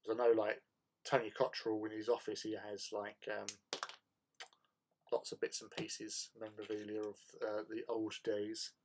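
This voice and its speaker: A man's voice: on the low side, monotone, normal speed, slight background noise. Rambling man chatting casually. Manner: rambling, laughs often. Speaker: host of a hobby livestream. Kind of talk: casual chat with viewers.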